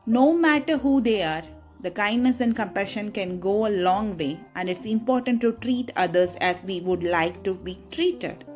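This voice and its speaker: A woman's voice: mid-range voice, normal speed, a little mellow, soft background music. A woman narrating a moral story for children in a chatty way, often checking in with her listeners. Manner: chatty, asks listeners "right?".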